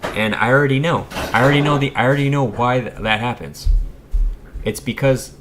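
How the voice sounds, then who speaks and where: Over music, a man in his thirties from the United States, an electrician who runs a YouTube channel, rambles to his live-stream audience in a casual, direct way. His voice sits mid-range and he talks fairly quickly.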